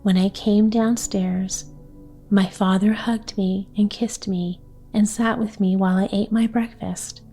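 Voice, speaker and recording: A woman reading the part of an excitable little girl in a storybook, eager and breathless. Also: medium pitch, unhurried, faint music behind, natural voice.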